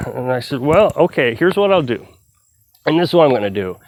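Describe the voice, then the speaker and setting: A man talks to the camera outdoors in a park, wandering through his story with plenty of restarts and asides. His voice is animated and rises and falls a lot. The sound is dry and close, with little echo around it. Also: medium pitch, brisk. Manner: rambling, retelling a story with frequent restarts. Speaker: vlogger on off-grid living. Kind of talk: casual talk to camera. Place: outdoors in a town park, cutting firewood.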